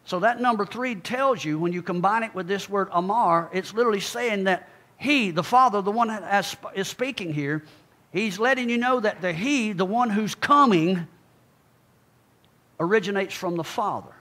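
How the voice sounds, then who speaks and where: A man preaching a sermon, speaking emphatically and calling out to his congregation, then dropping low and quiet for asides. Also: moderate pace.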